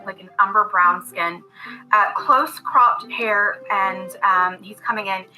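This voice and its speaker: A woman's voice: mid-range voice, sharp tone, poor audio. A woman narrating a tabletop game as game master, casual and rambling with many fillers.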